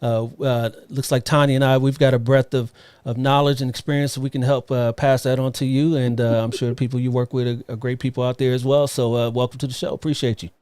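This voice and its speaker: Male live-show host on a video call, mid-pitched, chatty, repeats himself. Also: little pitch movement, quick pace, darkish tone, clean tone, no room sound. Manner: upbeat, repeats phrases, loose filler. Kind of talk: live online interview show.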